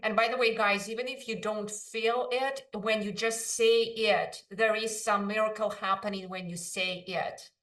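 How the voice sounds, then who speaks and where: A woman's voice: medium pitch, fairly even intonation, measured pace, few pauses, a bit bright, far from the mic. A woman hosting an interview, attentive and affirming, with slightly non-native phrasing. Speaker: podcast host. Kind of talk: interviewing a guest.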